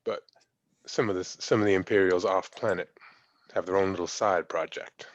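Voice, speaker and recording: A player voices his character in a tabletop role-play, drawling in a folksy way and sometimes hesitating. His low voice is fairly even and moderately paced, recorded dry on a dull lo-fi mic.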